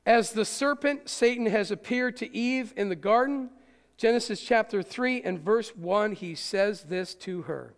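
A male pastor preaching with animated, pointed rhetorical questions to his congregation. His voice is high with a gravelly grain. Long reverb trails behind him in a church hall. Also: unhurried. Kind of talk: sermon.

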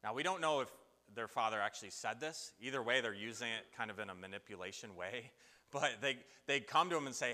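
A man preaching a sermon, telling a Bible story with lively acted-out voices. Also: mid-range voice, moderate pace, in a large hall. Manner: animated storytelling, acts out biblical voices.

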